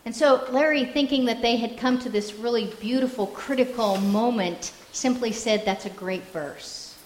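A woman's voice: a little high, moderate pace, darkish tone, reverberant, big-room sound, a little hiss or hum, poor audio. A woman pastor telling a story during a sermon, reflective and earnest.

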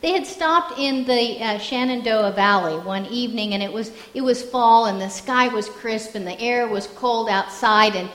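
A woman's voice: fairly high pitch, moderate pace, few pauses, fairly bright tone, roomy sound, big-room sound, low-quality recording. A woman pastor telling a story during a sermon, reflective and earnest.

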